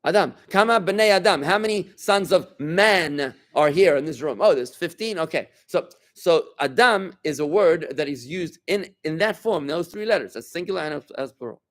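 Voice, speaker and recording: A rabbi, his voice a little high and animated, teaches an informal class to a small group in a room. He speaks casually at normal speed with few pauses, often restarting sentences and quizzing the people listening.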